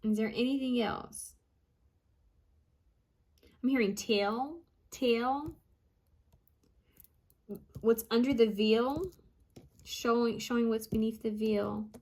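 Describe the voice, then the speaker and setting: Woman, psychic medium, channeled message reading, unhurried, hesitant ums, repeats words. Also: a little high, steady tone, darkish tone. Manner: musing, repeats each word she hears.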